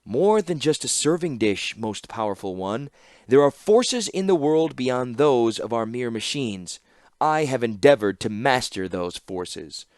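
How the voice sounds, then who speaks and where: A man voicing a proud, cunning woman artificer who speaks in formal, flattering address. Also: medium pitch, a little slow, dry recording, voice pushed up, natural voice.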